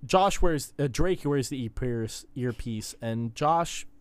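A young man co-hosting a loose podcast, talking in rambling, joking runs full of "like" and "you know." His voice sits in a middle pitch, and he rushes through his tangents. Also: expressive, clear, resonant tone, dry recording. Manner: rambling, joking, frequent fillers, puts on silly voices. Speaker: podcast co-host. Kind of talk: casual recap chat. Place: college campus.

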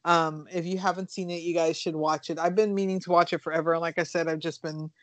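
A woman's voice: lowish voice, fast talker. A woman on a casual podcast walks through a horror film's plot in a loose, rambling way, peppered with fillers and the occasional curse. Her voice sounds dry and close, with no room echo. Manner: rambling, animated storytelling with fillers and swearing. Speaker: podcast co-host reviewing horror films. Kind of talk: casual chat, retelling movie plots.

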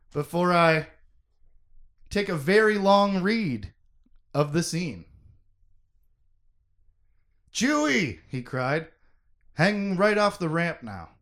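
A man recapping a story casually, then reading a long passage aloud with dramatic emphasis. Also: on the high side. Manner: reads aloud with dramatic emphasis, shouting quoted lines.

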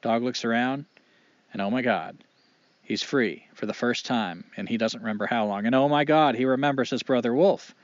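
Man, oral storytelling, animated, expressive, dull lo-fi, dry. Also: medium pitch, no room sound. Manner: animated, expressive, dramatic pauses.

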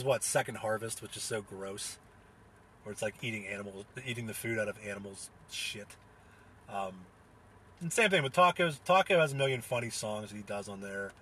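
In a casual solo chat, a young man recounts a comedy show in a husky, bright-edged, mid-range voice. He rambles loosely, leaning on fillers and restarts, laughing through his words and swearing freely, and never sounds scripted.

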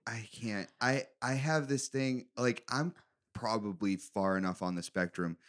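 A man on a podcast, answering in a hesitant, halting way. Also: medium pitch, fairly bright tone. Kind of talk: casual podcast chat.

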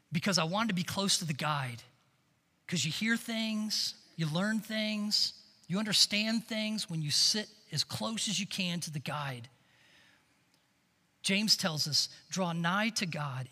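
A man delivers a storytelling sermon in a high, very bright voice. He drops to hushed lines and then rises to loud, emphatic peaks. The sound carries a long reverb from a large hall. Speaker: camp director and preacher.

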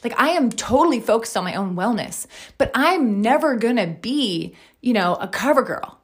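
A woman's voice: a little high, expressive, moderate pace, breathy edge. A woman in her thirties hosting a podcast as a wellness coach, talking candidly and emphatically about her own life and swearing often. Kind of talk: candid personal monologue.

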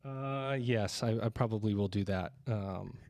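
A man's voice: on the low side, unhurried, a little mellow, no echo. A man hosting a podcast in a casual, joking, rambling way, a little out of breath. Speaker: podcast host. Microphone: studio microphone.

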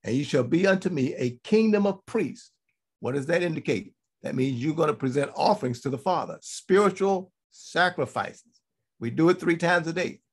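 A man's voice: a little high, lively intonation, normal speed, breathy edge. A man giving a Bible teaching sermon to a congregation. He repeats his points for emphasis and keeps checking in with "okay?".

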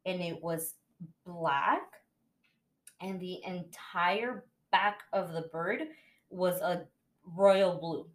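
A woman's voice: lowish voice, extremely slow. A young woman hosting a podcast, telling an emotional personal story in casual chat and acting out the voices of people she quotes. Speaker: podcast host.

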